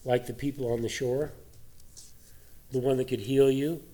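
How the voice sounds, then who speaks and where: A man preaching a sermon, earnest, lifting his voice for emphasis and dropping it low for quieter reflection. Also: little pitch movement, normal speed. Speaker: pastor.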